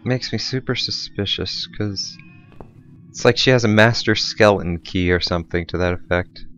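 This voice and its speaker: A man's voice: lowish voice, normal speed, fairly bright tone, muffled recording, soft background music. A man giving offhand, mumbling commentary while playing a video game. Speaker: let's play gamer. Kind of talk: casual gameplay commentary.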